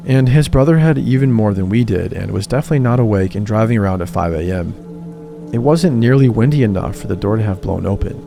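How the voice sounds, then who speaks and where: A gravelly, slightly low-pitched man reads a true scary story in a steady narrator's voice. Quoted lines come with a touch more lift. Background music plays clearly under him throughout. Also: quick pace. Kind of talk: scripted narration.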